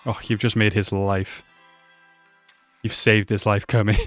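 Excitable guy reacting to anime. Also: lowish voice, measured pace, faint music behind. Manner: excitable, laughing, talks back at the screen. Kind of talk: casual reaction commentary.

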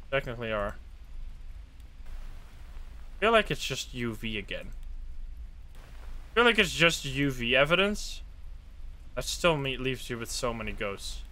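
A man streaming a ghost-hunting game live, talking to his chat and swearing often. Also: mid-range voice. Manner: excitable, swears, talks to chat. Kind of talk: live gameplay commentary.

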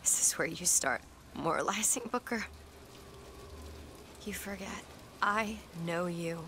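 A woman's voice: on the low side, measured pace, bright, forceful tone, slight background noise. An actress voicing a determined young woman companion in a game cutscene, clipped and steely. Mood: defiant. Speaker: game character.

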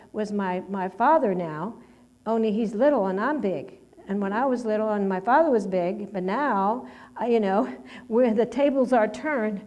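A woman's voice: a little high, darkish tone. A middle-aged woman preaching a personal testimony sermon, talking in a conversational, rambling way with many restarts and fillers.

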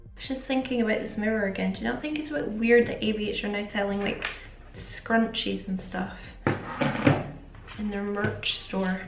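A woman's voice: medium pitch, fairly even intonation, moderate pace. Chatty woman, echoey room. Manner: rambling, chatty, self-aware. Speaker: beauty vlogger. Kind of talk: chatty makeup tutorial. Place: home makeup setup. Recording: echoey room with faint music.

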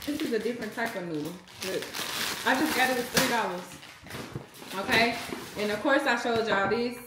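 A woman's voice: fairly high pitch, animated, normal speed, echoey room, heavy background noise. A woman in her thirties chatting casually to her viewers in a home vlog, talking straight to them as "y'all". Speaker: vlogger.

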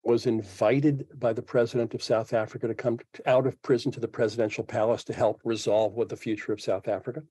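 A man's voice: mid-range voice, level tone, quick pace, hardly any pauses, dark tone, husky, no echo. A man in his seventies, a podcast guest speaking reflectively in an interview and thinking aloud with frequent restarts. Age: 70s. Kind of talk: interview conversation.

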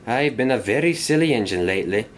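A man's voice: mid-range voice, expressive, a little hiss or hum, lightly acted. A man voicing a grumpy, scheming male engine who grumbles and sulks, in a storybook tale. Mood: sheepish. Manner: grumbling and cross, with drawn-out complaints. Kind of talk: storybook character voice.

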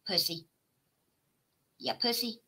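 A woman, live streaming a profane, taunting rant at a rival, swinging from shouted demands to low mutters. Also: slow, slightly rough, low-quality recording. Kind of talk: confrontational livestream rant.

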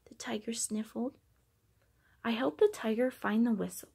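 A woman reading a children's picture book aloud, acting out the sound effects with animated delivery. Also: fairly high pitch, normal speed, vocal fry, long pauses, husky. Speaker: storybook reader.

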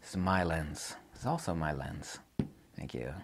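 A man's voice: normal speed, slight background noise. A middle-aged man reviewing camera lenses in a blunt, rambling, casual way, swearing offhand and laughing at his own jokes. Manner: animated, pitch swings widely.

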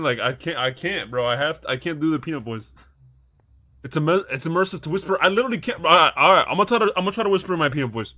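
A man's voice: fairly high pitch, animated, very fast, bright, forceful tone, dry recording. Young guy on stream, casual and foul-mouthed, talks plans through in circles. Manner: rambling, profane, thinks aloud while planning. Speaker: streamer playing a heist roleplay. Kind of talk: casual gaming chat.

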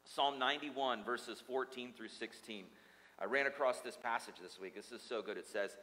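A man's voice: medium pitch, lively intonation, moderate pace, bright, forceful tone. A man preaching a sermon as pastor, telling a funny story and joking with the congregation. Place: church sanctuary. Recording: long hall reverb.

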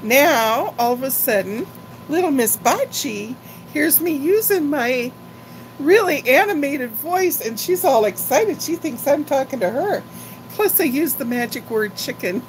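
A woman's voice: high voice, animated, a little slow, slight background noise, rough recording. An older woman chatting casually and rambling on a live-stream haul video, talking like a grandmother. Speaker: vlogger.

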